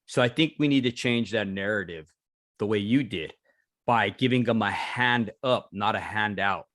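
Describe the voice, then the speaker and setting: A man with a lowish voice hosts a podcast in a soft-spoken, affirming way. He pauses with casual fillers as he builds his point. The sound is dry and close to the mic. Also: dry recording. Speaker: podcast host. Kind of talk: casual interview chat.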